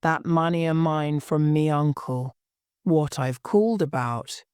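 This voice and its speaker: A woman's voice: deep voice, measured pace, a little mellow, clear, resonant tone, dry recording, studio quality, voice pushed down. A woman voicing a timid young working-class maid who has just become an heiress, speaking plainly and anxiously. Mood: wondering.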